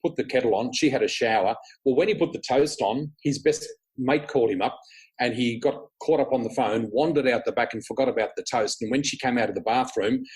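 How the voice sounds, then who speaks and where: An Australian man, a guest on a podcast, telling stories in a lively, conversational way and acting out other people's lines. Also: medium pitch, brisk, breathy edge, low-quality recording. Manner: animated storyteller who acts out others' lines. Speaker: guest, psychic flower reader. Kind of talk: conversational storytelling.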